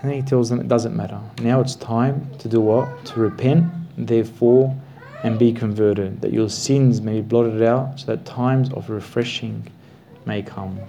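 A man teaching a Bible class, explaining the passage with slow, emphatic stresses and repeated words. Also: mid-range voice, steady tone, creaky, warm tone, a little hiss or hum.

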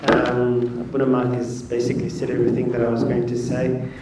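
Halting priest, distant and echoey. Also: male voice, mid-range voice, monotone, very noisy. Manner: halting, with many fillers and restarts. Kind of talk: sermon. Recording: distant mic in an echoey room.

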